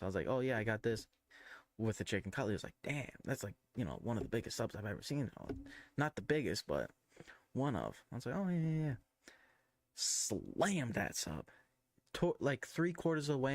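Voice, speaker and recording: Laid-back low-voiced male streamer. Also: dry recording. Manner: laid-back, crude slang, lots of fillers and restarts. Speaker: live streamer. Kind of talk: casual rambling storytelling.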